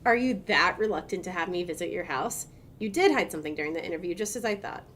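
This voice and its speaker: A woman's voice: lowish voice, lively intonation, fast, a bit bright, a little hiss or hum. A woman voicing a stern male doctor in a game, reading his probing questions earnestly.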